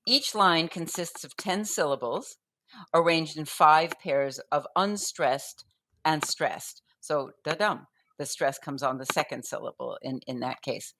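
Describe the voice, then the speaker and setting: A woman with a low voice talks through poetic form in a loose, conversational way. She pauses, restarts her sentences and fills gaps as she thinks. She sometimes taps out the beat aloud. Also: a bit bright, slight background noise. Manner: thoughtful, with frequent restarts and fillers; taps out rhythms aloud as da-dum. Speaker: poetry guest explaining poetic form. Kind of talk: conversational explanation.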